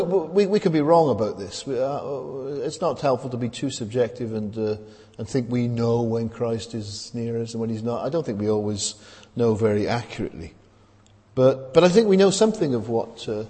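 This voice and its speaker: A man preaching a sermon in a conversational way, asking rhetorical questions and often pausing with hesitations. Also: mid-range voice, darkish tone. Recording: long hall reverb.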